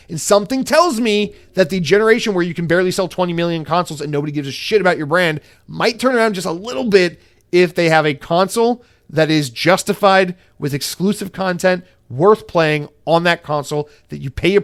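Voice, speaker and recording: Profane, fired-up male podcast host. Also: fairly high pitch. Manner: profane, animated and opinionated. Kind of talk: solo podcast rant.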